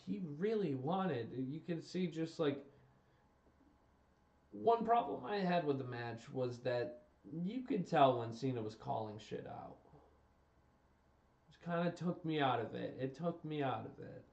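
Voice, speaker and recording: Slow-talking man ranting, roomy lo-fi sound. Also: on the high side, animated, gravelly, a little mellow, far from the mic. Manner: emphatic, repetitive, exasperated. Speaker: streamer. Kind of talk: casual ranting commentary. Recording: roomy, dull lo-fi stream audio.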